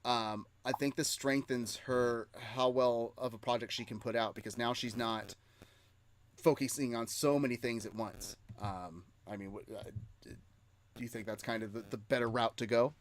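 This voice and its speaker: A man's voice: mid-range voice, steady tone, normal speed. A man hosting a casual nerd-news podcast, chatty and reading chat comments aloud. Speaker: podcast host.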